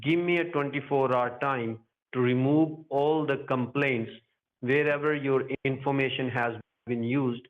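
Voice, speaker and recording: A man's voice: medium pitch, fairly even intonation, a little slow. Reassuring phone agent, man, mid voice, heard over a dull line. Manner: soothing, reassuring, repeats "sir". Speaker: phone scammer. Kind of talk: phone call.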